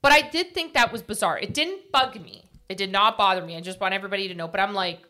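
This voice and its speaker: A woman's voice: medium pitch, expressive, fast, sharp tone. A woman co-hosting a casual podcast, telling stories and acting out quotes. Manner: chatty storyteller, acts out quotes. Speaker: podcast co-host.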